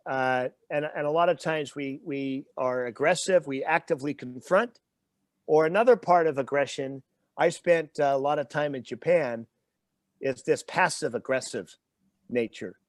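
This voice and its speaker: A man's voice: mid-range voice, moderate pace, no room sound. A man as the guest speaker and trainer in an interview, explaining with everyday examples and stopping to check in with the listener.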